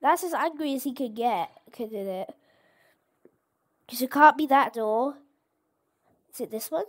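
A woman host giving casual gameplay commentary, excitable and exclaiming at each surprise. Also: sits high, measured pace. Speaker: gaming channel host.

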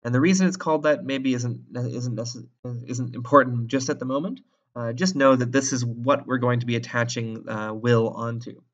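A man's voice: mid-range voice, normal speed, lo-fi sound. A male instructor explaining a drawing step by step in an informal, thinking-aloud way. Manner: casual and thinking aloud, with many restarts. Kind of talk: screen-recorded tutorial.

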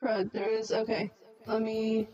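A woman's voice: fairly high pitch, completely flat delivery, unhurried, warm tone, lo-fi sound, soft background music. A woman live-streaming a game and chatting casually with viewers, giggly and bubbly, flustered and self-deprecating, with a robot voice filter on. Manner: giggly and bubbly, laughs often.

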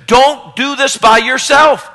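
A man preaching a sermon as pastor, swinging between loud exhortation and hushed storytelling. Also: extremely high pitch, fairly even intonation, slow pace. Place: church sanctuary, live service. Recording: long reverb of a church hall.

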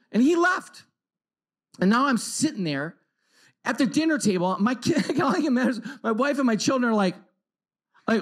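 A middle-aged man giving a personal storytelling talk at a retreat, swinging from loud outbursts to hushed tones. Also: very high-pitched, sing-song, moderate pace. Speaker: conference speaker.

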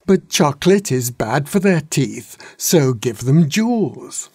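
A man's voice: a little high, big pitch swings, mellow, slightly rough, dry recording, clean studio sound, exaggerated voice. A man as a droning wise old dragon. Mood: grumbling. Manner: droning, slow. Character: ancient wise old male dragon, grumbling.

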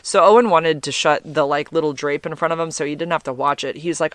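A man's voice: fairly high pitch, moderate pace, few pauses, fairly bright tone, dry recording. A man hosting a podcast, chatting loosely through a personal story with lots of "like" and blunt swearing. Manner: chatty, rambling, peppered with "like" and frank swearing. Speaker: podcast host.

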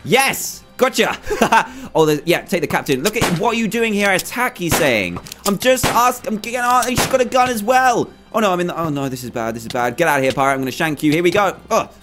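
A young man giving casual, excitable commentary while playing a video game, often playfully scared. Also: a little high, brisk, hardly any pauses, over music. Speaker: gaming YouTuber.

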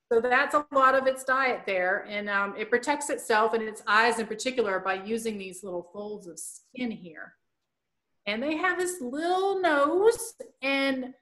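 A woman's voice: a little high, a bit bright. Chatty woman teaching about frogs. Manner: chatty, plain explanations with playful asides. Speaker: wildlife educator presenting. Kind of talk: online presentation lecture.

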